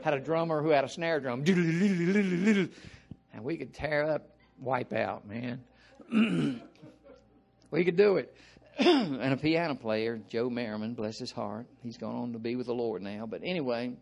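Folksy older Southern preacher. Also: male voice, mid-range voice, animated, a little slow, darkish tone. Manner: folksy, rambling with asides and throat clearing. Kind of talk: informal sermon.

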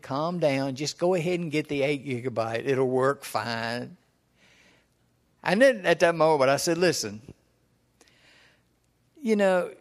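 A man in his seventies preaching a folksy sermon, telling personal stories in a homespun, chuckling way. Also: mid-range voice. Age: 70s.

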